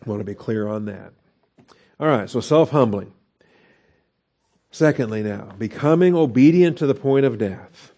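Man teaching scripture, mellow voice. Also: mid-range voice, lively intonation, normal speed, pauses often. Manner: conversational, with many fillers and rhetorical questions. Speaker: pastor teaching Bible study. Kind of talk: expository Bible teaching.

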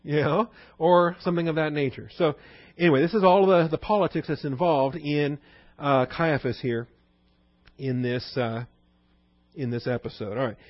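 A man with a fairly high voice leads a conversational Bible study as the teacher, speaking at a normal pace and frequently putting questions to his listeners. The recording is dull and dry.

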